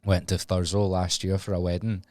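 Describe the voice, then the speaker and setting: A young Glaswegian man talking casually on a podcast with a very low voice. He tells stories chattily, teasing and laughing. The sound is close and dry. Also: little pitch movement, normal speed, a little mellow, no room sound. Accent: Glaswegian Scottish. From Scotland. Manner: chatty storyteller, swears and laughs. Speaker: podcast host. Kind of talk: casual chat.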